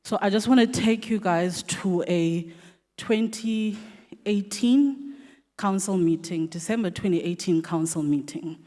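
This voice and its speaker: A woman's voice: mid-range voice, measured pace, dark tone. South African woman speaking in a reverberant hall. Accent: South African English. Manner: conversational, many ums and restarts. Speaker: newspaper assistant editor thanking panel. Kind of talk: public vote of thanks and remarks. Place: hall at a community dialogue event. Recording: long reverb of a venue hall.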